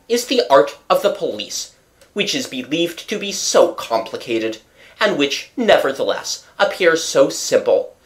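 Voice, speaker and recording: A reader voicing a self-satisfied police commissary who questions and lectures in a measured way. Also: medium pitch, voice pushed up, natural voice. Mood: lecturing. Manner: measured, lecturing, pleased with himself.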